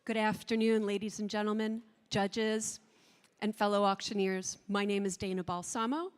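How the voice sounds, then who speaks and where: A woman from New Jersey, an auctioneer contestant, pitching items and calling bids in a rapid rhythmic chant on a convention stage. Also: fairly even intonation, clean tone. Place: large convention hall stage. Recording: long reverb of a large hall.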